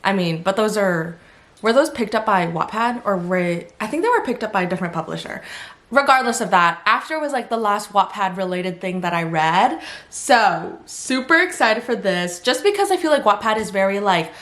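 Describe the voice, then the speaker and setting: A woman's voice: medium pitch, lively intonation, normal speed, fairly bright tone. A young woman in her twenties, a book vlogger, chatting casually at home in a bubbly way and filling her talk with "like". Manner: bubbly and chatty, heavy use of "like". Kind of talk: casual chat.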